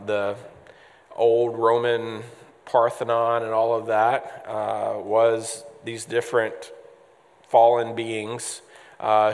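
A man's voice: fairly low pitch, big-room sound. A man preaching a conversational sermon as pastor, with frequent ums and restarts.

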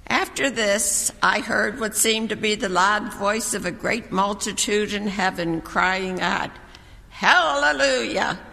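A scripture reader giving a measured, proclaiming reading in a church. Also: medium pitch, steady tone, vocal fry, bright, forceful tone. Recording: church hall reverb.

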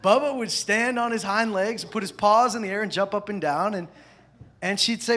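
A man preaching a sermon, animated, swinging between loud emphatic lines and hushed asides. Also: high voice, normal speed. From parents from the American South. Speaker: pastor.

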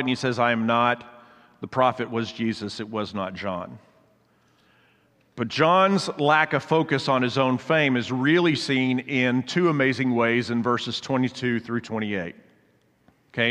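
A man's voice: medium pitch, a bit bright. Man preaching in a reverberant hall. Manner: conversational, explains scripture with asides. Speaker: pastor. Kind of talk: sermon.

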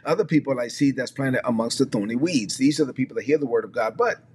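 A man's voice: mid-range voice, quick pace, a little mellow, slight background noise. A man preaching a streamed sermon as pastor, emphatic and repetitive, often prompting listeners to say words back or type them in the chat.

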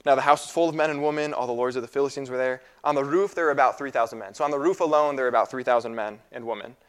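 A young man in his twenties preaching a sermon in a casual, halting way, with fillers and repeated phrases. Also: mid-range voice, clear, resonant tone.

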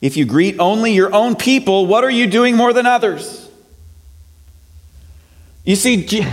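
A middle-aged pastor preaching in a relaxed, talky way, his fairly high voice carrying long reverb around a big church hall. He shifts from hushed, earnest passages to emphatic exhortation and often restarts mid-phrase. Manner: conversational preaching with frequent restarts and swings between soft and emphatic. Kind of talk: sermon.

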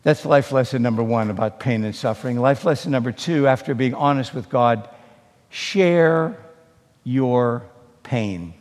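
An older man preaching a sermon, telling stories dramatically and swinging between loud and hushed delivery. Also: mid-range voice, fairly quick, few pauses. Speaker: pastor. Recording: long hall reverb.

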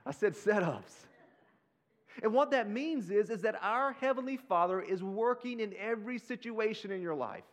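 A man preaching a sermon as pastor, animated and conversational, talking straight to his listeners in casual slang. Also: sits high, normal speed, few pauses. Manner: slips into casual slang like "y'all".

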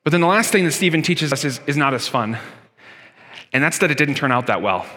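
A man's voice: fairly high pitch, animated, fairly quick, pushed and bright, long reverb tail. A man preaching a sermon as pastor, earnest and emphatic, driving his points home with rhetorical questions.

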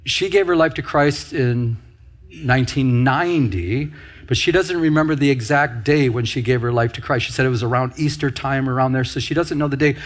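A man's voice: mid-range voice, moderate pace. A middle-aged man who is a pastor, preaching a teaching sermon, often repeating phrases and asking his listeners questions.

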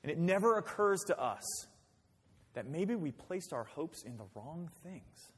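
A man's voice: a little high, big pitch swings, measured pace, fairly bright tone, husky. A man pastor preaching a sermon in a conversational way, with rhetorical questions and acted-out quotes. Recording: long hall reverb.

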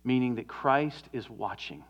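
A man preaching a sermon as a pastor, earnest, moving from emphatic stresses to hushed, drawn-out endings. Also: medium pitch, lively intonation, dull audio.

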